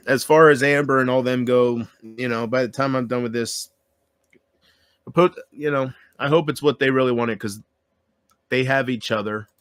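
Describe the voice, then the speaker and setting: A man's voice: mid-range voice, a bit bright. A man vlogging to his viewers in an upset, pleading rant, swearing and repeating himself, close to tears.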